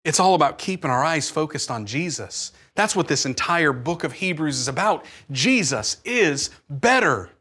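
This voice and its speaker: A man preaching a sermon, animated, acting out his own pleading prayers. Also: a little high, brisk, few pauses, slightly rough. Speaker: pastor.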